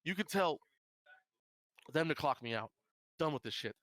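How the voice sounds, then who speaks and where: A man's voice: mid-range voice, takes it slowly, fairly bright tone, no echo, voice pushed up. A man voicing a fed-up young female waitress who talks sharply and swears.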